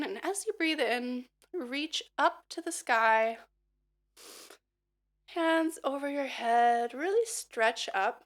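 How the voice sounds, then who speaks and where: A woman with a hoarse, somewhat high voice chats her way through a livestream and guides her listeners in a breathing warm-up. She talks slowly and unhurriedly, drifting between thoughts with plenty of fillers and small laughs. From United States. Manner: rambling, with many fillers and light laughs. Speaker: singer and livestreamer. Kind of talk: casual livestream chat and vocal warm-up.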